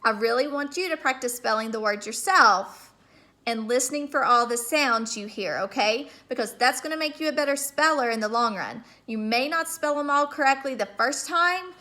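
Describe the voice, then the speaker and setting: A woman teaching a remote phonics lesson to kindergarteners, patiently sounding out words slowly and checking in with "okay?". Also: high-pitched, bright, forceful tone. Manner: slow, drawn-out sounding out of words.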